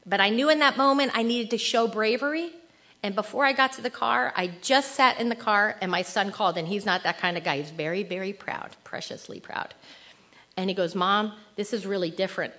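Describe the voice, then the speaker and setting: A middle-aged woman giving an informal sermon to women, chatty and animated, acting out little quoted lines. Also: mid-range voice, brisk. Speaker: women's ministry speaker.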